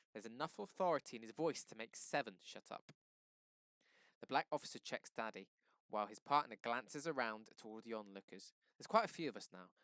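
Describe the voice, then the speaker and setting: Give me a male teacher reading a novel aloud for class, with a smooth, clear voice. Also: medium pitch, no echo. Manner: steady reading with quick self-corrections and asides.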